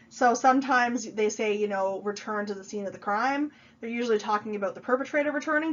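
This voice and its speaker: Woman, college lecturer, slightly stuffy from a cold, higher voice, dull lo-fi recording. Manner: explanatory, with frequent fillers. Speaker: college instructor. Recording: dull lo-fi sound.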